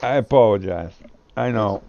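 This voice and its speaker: A man's voice: fairly low pitch, moderate pace, gravelly, muffled recording. A man chatting with teammates during an online game, swearing a lot and complaining about cheaters. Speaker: gamer on a co-stream. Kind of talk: casual game chat with teammates.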